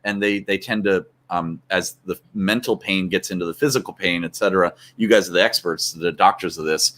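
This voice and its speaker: Man, fairly low pitch, bright forceful tone, halting, repeats himself, laughs a lot. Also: fairly even intonation. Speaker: guest, mastermind group leader. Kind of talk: casual chat.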